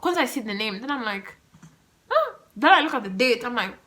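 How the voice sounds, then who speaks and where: A young woman hosting her own podcast, telling a story in a chatty, animated, self-mocking way. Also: fairly high pitch, quick pace. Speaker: podcast host. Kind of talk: casual solo storytelling. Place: room at home with the windows open.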